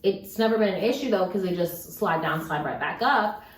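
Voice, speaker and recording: Speaking briskly in a lowish voice, a young woman unboxes beads for a casual home vlog. Though sad, she stays talkative and tries to keep things upbeat, veering between gloom and excitement, peppering her speech with "like" and some swearing. Echo and faint noise fill the room.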